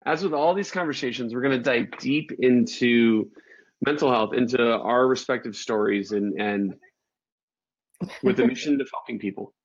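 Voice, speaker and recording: Man, podcast host, husky voice, dull lo-fi stream audio, casual and upbeat. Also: mid-range voice, moderate pace. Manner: upbeat, joking about tech trouble. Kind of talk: casual live-stream interview. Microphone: video call.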